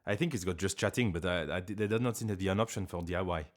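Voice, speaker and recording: Streamer, male, put-on French accent. Rambling, playful, self-mocking live chat from home, voice sitting a touch low. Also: quick pace. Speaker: streamer and voice actor. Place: at home, indoors.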